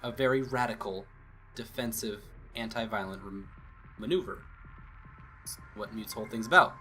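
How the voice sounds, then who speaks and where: A man playing a visual novel, reading its text aloud and breaking off for excited reactions and guesses. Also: lowish voice, moderate pace, slight background noise. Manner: excitable asides, thinking aloud. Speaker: let's play host.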